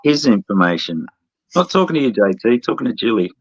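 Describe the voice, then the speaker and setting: A man's voice: medium pitch, big pitch swings, fast, slightly rough, no room sound, muffled recording. A man in a heated online voice chat, confrontational and sneering, swearing constantly. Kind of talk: angry live-stream argument.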